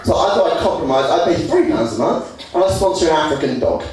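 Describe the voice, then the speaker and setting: A young man from England performing a stand-up comedy routine, lively, putting on high voices for the people he quotes. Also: fast talker, very noisy. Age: young adult. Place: student comedy stage. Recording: echoey room from far off with audience laughter.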